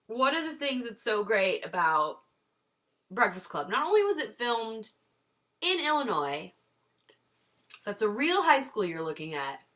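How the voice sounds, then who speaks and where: A woman in her thirties co-hosting a casual chat over a video call, playfully dramatic and lively. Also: a little high, unhurried, pauses often. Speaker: podcast co-host.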